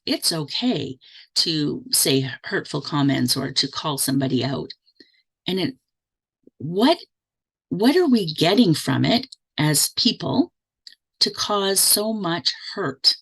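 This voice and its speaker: A woman's voice: low voice, husky. A woman hosting an interview, reflecting on kindness and asking her guest open questions. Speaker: host. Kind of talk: casual interview chat.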